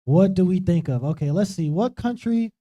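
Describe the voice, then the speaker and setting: A man's voice: high voice, expressive, normal speed, mellow. A man leading an informal Bible study, talking conversationally and often checking in with "right?". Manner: conversational, keeps asking "right?". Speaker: preacher. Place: streamed church talk show.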